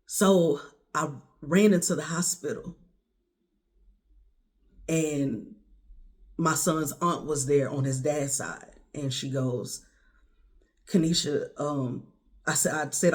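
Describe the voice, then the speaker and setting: A woman recounting a harrowing personal story straight to the camera, her voice climbing high and loud when she relives her own words, then dropping low and quiet. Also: slow pace, pauses often. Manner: intense, rising to near-shouts when quoting herself.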